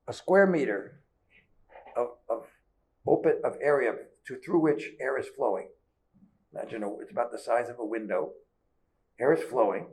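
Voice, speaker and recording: A man's voice: mid-range voice, gravelly, darkish tone. An older man giving a conversational seminar lecture in a lecture hall, talking through his slides. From United States. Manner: conversational, checks in with the audience. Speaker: guest lecturer.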